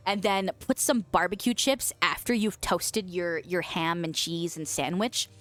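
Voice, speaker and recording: This young woman streamer from the western United States has a lowish, slightly bright voice, fairly even intonation and a measured pace, with faint music in the background. She chats casually, reads viewer comments aloud, swears freely and laughs a lot.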